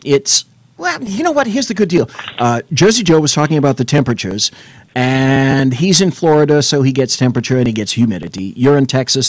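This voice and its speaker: Male radio host, wry and rambling, lively pitch, dry close studio sound. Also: dry recording. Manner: wry, rambling, with jokey asides. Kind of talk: casual talk radio chat. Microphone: studio mic.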